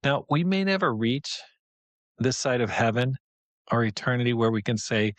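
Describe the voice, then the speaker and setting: A man's voice: medium pitch, lively intonation, moderate pace, no room sound. A man hosting a devotional podcast, teaching in an earnest, conversational and encouraging way. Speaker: podcast host.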